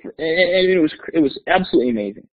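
Brief: male educator, husky voice, energetic storyteller, tinny phone-quality audio. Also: on the high side, quick pace. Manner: animated, acts out quoted dialogue. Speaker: guest presenter. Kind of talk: webinar storytelling. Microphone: webinar audio.

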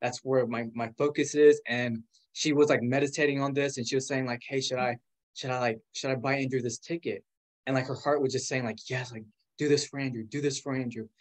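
Excited young man telling a story. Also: mid-range voice. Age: 20s. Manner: animated, quick, full of "like" fillers, acts out quoted voices. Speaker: guest. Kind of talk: casual storytelling.

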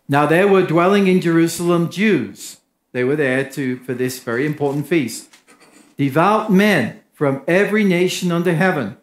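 A man with an English accent preaching a sermon as pastor, emphatic and lively when quoting others. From England. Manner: emphatic, rises in pitch for quoted crowds. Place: church. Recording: echoey church room.

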